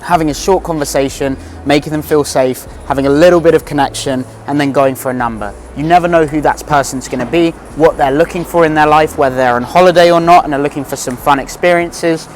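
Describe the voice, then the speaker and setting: A man from London coaching viewers in a relaxed voice-over, explaining step by step. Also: fairly high pitch, quick pace, few pauses, slight background noise. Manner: relaxed, explanatory, slightly rambling. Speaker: dating coach. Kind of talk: instructional voice-over.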